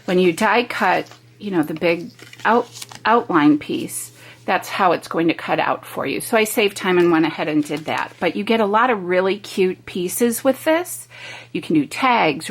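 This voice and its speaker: A woman's voice: on the low side, animated, normal speed, rough recording. A woman hosting a home craft video, talking through a stamping project step by step with chatty, homey asides. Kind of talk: casual step-by-step craft demo.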